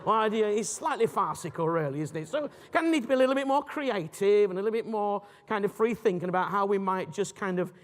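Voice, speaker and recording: A man's voice: high voice, quick pace, hardly any pauses, in a large hall. A man teaching a lesson on apologetics, talking in a loose, conversational way and often correcting himself mid-sentence. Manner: conversational, animated, self-correcting. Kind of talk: recorded lecture.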